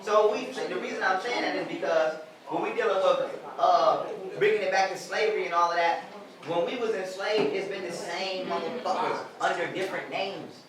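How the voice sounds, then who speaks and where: A man's voice: sits high, moderate pace. A man giving an informal lecture to a group of listeners, blunt and profane. He speaks emphatically and often laughs at his own jokes. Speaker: street lecturer addressing a small group. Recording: echoey space, mic far away, crowd audible.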